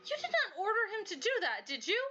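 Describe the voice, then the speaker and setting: A woman voicing a haughty, easily frightened young princess in a visual novel, with a sharp, indignant manner. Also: very high voice, wildly swooping pitch, fast, pitched above the performer's own voice, exaggerated voice. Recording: dull lo-fi audio, faint music.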